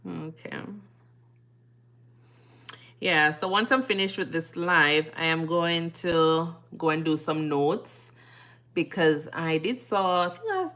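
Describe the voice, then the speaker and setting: A woman's voice: sits low, slow pace, pauses often, fairly bright tone. A woman with a Jamaican accent, a nurse chatting casually on her live stream, reading out viewer comments and answering them.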